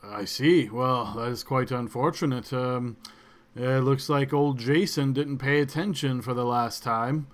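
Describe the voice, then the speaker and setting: A man voicing a stone-faced, middle-aged guild logger boss who speaks slowly and curtly. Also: mid-range voice, natural voice. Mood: stern. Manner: slow, unmoved, curt.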